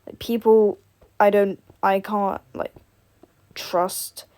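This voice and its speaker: A woman's voice: mid-range voice, flat delivery, slow pace, dark tone. A young woman vlogger chatting casually while playing a building game, rambling with lots of fillers. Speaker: gaming vlogger.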